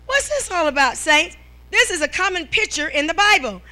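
A woman's voice: very high-pitched, sing-song, moderate pace, sharp tone. A middle-aged woman preaching a sermon, with calls of amen and hallelujah and frequent "all right?" to the congregation.

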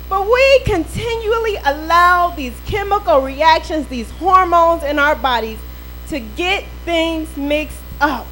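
A woman's voice: very high voice, expressive, slow, bright, forceful tone, slight background noise, low-quality recording. A middle-aged woman pastor preaching a sermon in a playful way, acting out quoted voices and laughing often.

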